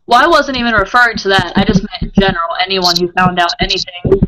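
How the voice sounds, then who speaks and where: A woman interviewing guests in a casual, upbeat, chatty way, quick to agree with what they say. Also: medium pitch, sharp tone, poor audio.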